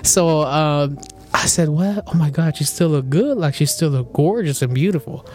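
A man's voice: fairly high pitch, animated, moderate pace, a little mellow, faint music behind. A young man hosting a podcast, animatedly telling a dream story with laughs, casual chat among friends. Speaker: podcast host.

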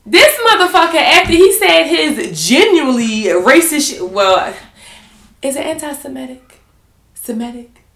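A woman's voice: high-pitched, big pitch swings, a little slow, fairly bright tone, echoey room, a little hiss or hum. A woman co-hosting a podcast, talking in a blunt, heated and profane way in casual chat. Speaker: podcast co-host.

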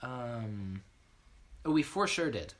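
A man's voice: mid-range voice, lively intonation, slow. A young man co-hosting a podcast in casual chat, rambling and correcting himself as he goes. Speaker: podcast co-host.

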